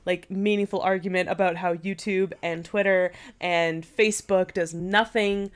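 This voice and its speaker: A woman's voice: on the low side, steady tone, moderate pace, clear, resonant tone. A young woman co-hosting a podcast in casual chat, blunt and chatty with lots of fillers. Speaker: podcast co-host.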